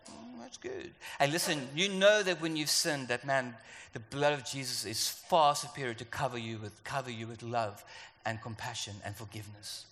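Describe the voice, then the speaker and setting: Animated South African preacher, echoey hall. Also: male voice, medium pitch, moderate pace, hardly any pauses. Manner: animated, playful, acts out voices. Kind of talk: sermon.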